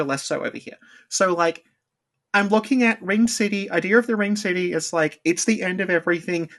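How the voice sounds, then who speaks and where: A podcast co-host rambles casually through game lore, saying "like" constantly. The voice is mid-range and slightly bright.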